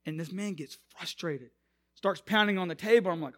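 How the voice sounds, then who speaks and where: Young male pastor, high voice, storytelling sermon that swells into emphatic preaching. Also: normal speed, bright, forceful tone. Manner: conversational, acts out quotes, rises to emphatic preaching.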